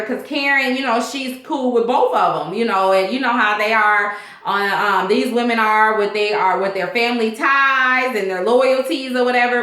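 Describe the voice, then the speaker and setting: A woman's voice: a little high, a bit bright, roomy sound. A woman vlogger giving a casual, sassy and candid recap of a reality show episode, talking straight to her viewers.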